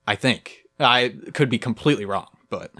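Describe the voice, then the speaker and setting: A man's voice: mid-range voice, expressive, moderate pace, pushed and bright. A young man co-hosting a podcast, telling a story vividly and playfully in casual chat. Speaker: podcast co-host.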